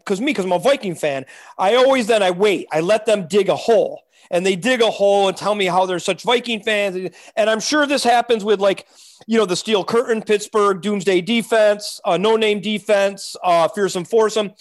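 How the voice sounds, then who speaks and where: A man co-hosting a casual sports talk show, animated and keeping the segments organized. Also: high-pitched. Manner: animated, runs the segments with a notebook. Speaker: podcast co-host.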